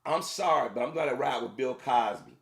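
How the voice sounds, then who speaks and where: Speaking briskly in a creaky, mid-range voice, this commentator delivers a heated opinion rant. He repeats himself and talks straight to his audience.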